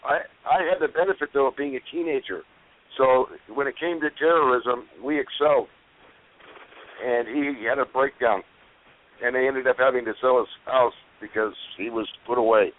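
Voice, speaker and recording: A man's voice: medium pitch, moderate pace. A man chatting casually, often starting his sentences with stammered restarts. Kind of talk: casual podcast chat. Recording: tinny phone-line sound.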